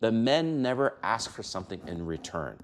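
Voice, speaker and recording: A man in his fifties hosting a dating advice talk, brash and emphatic, who swears and acts out quoted lines in a higher voice. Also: very animated, moderate pace. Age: 50s. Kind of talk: casual talking-head advice monologue.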